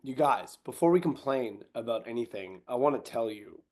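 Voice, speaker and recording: A man's voice: mid-range voice, lively intonation, normal speed, warm tone. A Canadian man co-hosting a podcast, joking and rambling through casual chat. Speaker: podcast co-host.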